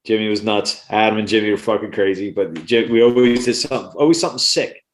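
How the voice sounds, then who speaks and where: A man's voice: on the low side, fast. A middle-aged man co-hosting a podcast, telling rambling, profane stories in casual chat. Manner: rambling, swearing, laughing storyteller. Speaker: podcast co-host.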